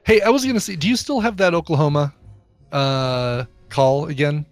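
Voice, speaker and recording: A man's voice: fairly high pitch, moderate pace, no echo, faint music behind. A man co-hosting a podcast in casual chat, musing and making playful arguments. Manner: chatty, musing, argues playful points. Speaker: podcast co-host.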